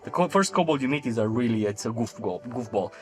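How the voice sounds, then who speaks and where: Halting man chatting about his game character. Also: medium pitch, expressive, faint music behind. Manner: halting, many restarts and laughs. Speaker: tabletop game player. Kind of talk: casual panel chat.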